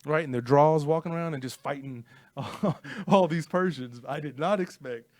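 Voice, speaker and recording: Animated man retelling a movie scene. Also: fairly high pitch, moderate pace. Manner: animated, acts out movie lines with big swings. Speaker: podcast co-host. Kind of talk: casual film discussion.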